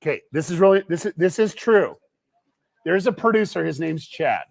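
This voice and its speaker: A man hosting a livestream, telling a story with lively quoted dialogue. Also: fairly high pitch, moderate pace, vocal fry. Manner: animated storyteller, quoting others. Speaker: livestream host. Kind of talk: excited livestream chat.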